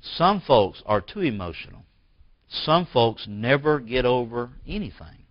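A man preaching a sermon as pastor in a church. He swings from forceful bursts to quiet, hushed lines. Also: medium pitch, big pitch swings, a little slow, no room sound, highs cut off. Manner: preaching with rising emphatic bursts and drops to near-whisper.

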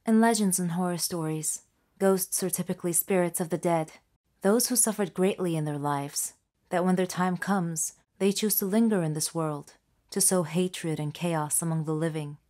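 A woman's voice: lowish voice, normal speed, mellow. A young woman narrating her own story in an earnest storytelling manner. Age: young adult. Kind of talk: scripted first-person narration.

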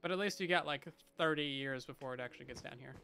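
Talking fast with a medium-pitched, pushed and bright voice, a streamer chats playfully to viewers while playing a game live, bursting into mock panic at times. There's a little hiss or hum on the audio.

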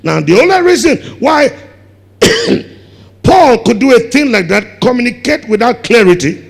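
A Ghanaian man preaching a sermon as pastor, building up to shouted emphasis on key words. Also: very high-pitched, sing-song, measured pace, creaky, husky. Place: large church hall. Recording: long hall reverb.

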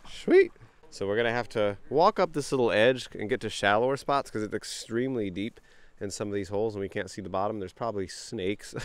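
Guy vlogging outside, low-ish voice, all excited, sniffling from allergies, camera mic. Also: smooth, dry recording. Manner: excitable, chatty, addresses viewers. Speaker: bottle-hunting vlogger. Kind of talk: casual outdoor vlog narration. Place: outdoors in a creek.

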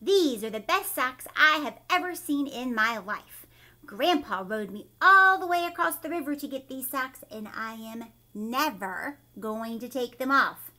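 A woman voicing an excited young girl who loves her new socks, chanting gleefully and stubbornly. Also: extremely high pitch, a little slow, few pauses, pitched above the performer's own voice, heavily acted.

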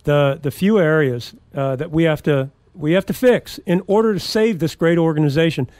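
A man's voice: a little high, normal speed, darkish tone, no room sound. A man talking as a sheriff candidate on a radio talk show, speaking earnestly in a campaign style with frequent restarts and fillers.

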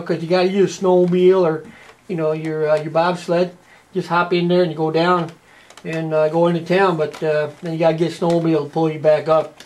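A man's voice: high voice, a little mellow, slight background noise. A man with a Canadian accent giving casual, rambling unboxing commentary, tagging his lines with "eh" and plenty of "uh". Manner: folksy, rambling, tags lines with "eh". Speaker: toy unboxing presenter.

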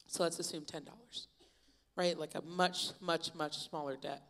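A young woman preaching a youth sermon, retelling Bible stories in a lively, casual storytelling way. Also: low voice, normal speed. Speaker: youth pastor. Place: church youth service.

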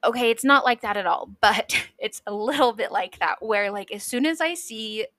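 A woman's voice: a little high, expressive, moderate pace, bright, forceful tone, slight background noise. A young adult woman hosting a podcast, explaining sounds and letters with enthusiastic, chatty asides. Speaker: podcast host. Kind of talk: casual educational podcast.

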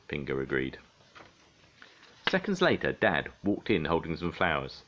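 An older man reading a children's storybook aloud in a lively, animated way. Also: very deep voice, moderate pace, a little hiss or hum.

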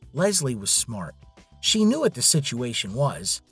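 A man's voice: mid-range voice, sing-song, a little slow, a bit bright, husky, no echo, faint music behind. A man narrating a scripted drama story in a dramatic storytelling manner.

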